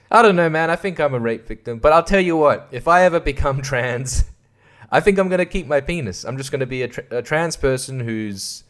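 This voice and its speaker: A young man hosting a solo podcast, rambling, swearing and laughing, sliding from mumbles into loud outbursts. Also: medium pitch. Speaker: podcast host.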